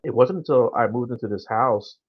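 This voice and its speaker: A man asking questions on a podcast and telling his own stories in a relaxed, easygoing way. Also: medium pitch, a little fast, slightly rough, dry recording, muffled recording. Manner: relaxed, easygoing storytelling with "uh" and "you know". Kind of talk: casual podcast chat.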